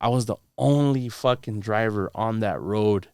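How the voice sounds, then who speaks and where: A man's voice: on the low side, normal speed, darkish tone, clean tone, no room sound, clean studio sound. A man casually telling a long story on a podcast, rambling and profane, filling his talk with "bro" and "dude". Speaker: podcast guest. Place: podcast studio.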